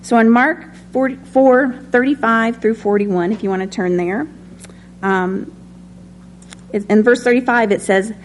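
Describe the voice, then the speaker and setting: A woman's voice: fairly high pitch, unhurried, a little hiss or hum. A woman teaching a conversational sermon. She speaks in a personal tone, with many ums and light laughs. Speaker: Bible study teacher.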